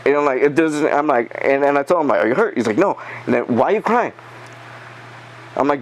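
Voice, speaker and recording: A man telling a story in a casual podcast chat, animated, swearing and acting out the quotes. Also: on the high side, brisk, slight background noise, low-quality recording. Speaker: podcast guest.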